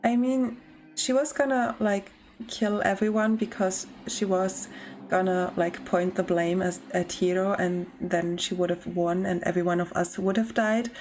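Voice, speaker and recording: A woman's voice: medium pitch, a little mellow, a little hiss or hum. A young woman streamer chatting casually and giggling while she plays a game and answers chat. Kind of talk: casual let's-play commentary.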